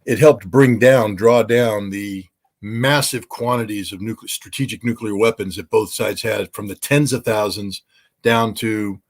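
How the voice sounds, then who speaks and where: A man's voice: fairly low pitch, fairly even intonation, a little slow. A man who used to be a weapons inspector, talking as an interview guest in an emphatic way, with many uh and um fillers. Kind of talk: casual interview talk.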